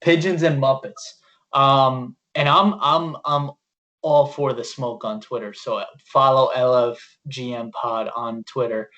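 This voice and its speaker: Blunt, cussing young podcast co-host. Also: male voice, medium pitch, fairly even intonation, measured pace, fairly bright tone, highs cut off. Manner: blunt, profane, quotes people in mocking voices. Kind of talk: casual sports chat.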